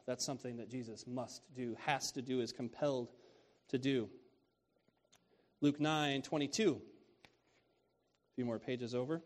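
A man's voice: mid-range voice, steady tone, a little slow, pauses often. A man preaching a sermon on scripture in a casual, conversational way, repeating key phrases and often asking "right?".

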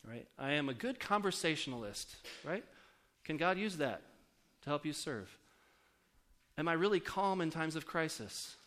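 A man's voice: fairly high pitch, expressive, normal speed, a bit bright. A pastor preaching a casual, story-driven sermon to his congregation, often asking the audience questions. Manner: conversational, asks the audience questions.

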